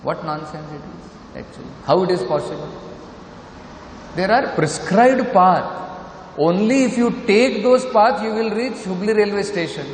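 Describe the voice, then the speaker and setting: A man's voice: high voice, unhurried. Emphatic Indian man preaching in an echoey hall. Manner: emphatic, asks rhetorical questions and repeats points. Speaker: lecturer of scripture. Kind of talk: sermon. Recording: echoey hall with faint noise.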